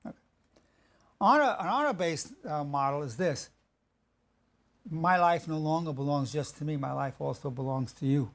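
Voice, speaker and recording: A man gives relationship advice in a casual, conversational talk, often acting out what partners say to each other and restarting frequently. His voice is fairly high and a bit bright, at a moderate pace with long pauses.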